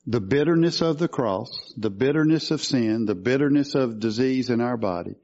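A man's voice: mid-range voice, normal speed, few pauses, a little mellow, lo-fi sound. A man preaching a sermon, teaching through scripture and asking questions of his listeners. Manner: teaching, asks questions of the congregation.

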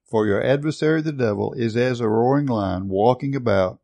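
A man's voice: mid-range voice, moderate pace, vocal fry, dark tone. A man preaching a sermon, earnestly reading and retelling a testimony with rising emphasis.

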